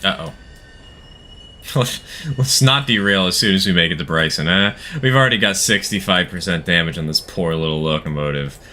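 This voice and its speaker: A man's voice: low-pitched, normal speed, sharp tone. A man streaming a game live, chatting casually with his viewers and laughing often. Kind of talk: casual live-stream chat while playing.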